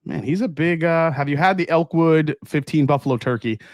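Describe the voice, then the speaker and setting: A man's voice: fairly high pitch, brisk, a little mellow, no echo, clean studio sound. A man hosting a casual live stream, unboxing bottles and answering chat as he thinks aloud with fillers and restarts.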